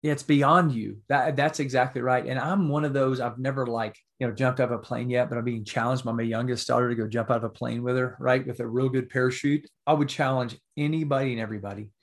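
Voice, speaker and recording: A man's voice: medium pitch, fairly even intonation, quick pace, few pauses. A middle-aged man, an author and podcast guest, telling an emotional story in an earnest way, often adding "right?" as he goes.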